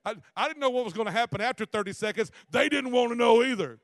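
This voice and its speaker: A middle-aged man, preaching a sermon in a folksy, animated way full of rhetorical questions. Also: sits high, quick pace, few pauses, dry recording. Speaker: visiting preacher.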